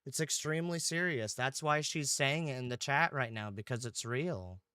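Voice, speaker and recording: A man's voice: mid-range voice, expressive, moderate pace, bright, forceful tone, smooth, no echo, clean studio sound. A man livestreaming a game, rambling casually with lots of swearing and "dude". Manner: rambling, profane, keeps saying dude. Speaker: streamer.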